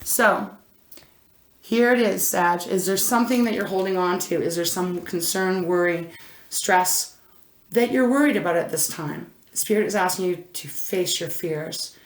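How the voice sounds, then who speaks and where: A woman's voice: on the low side, a little slow. Chatty woman reading cards in an echoey room. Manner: chatty, rambling, self-interrupting, frequent "oh my gosh". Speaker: intuitive tarot reader. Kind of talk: casual card reading to camera. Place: indoor room. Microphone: camera mic.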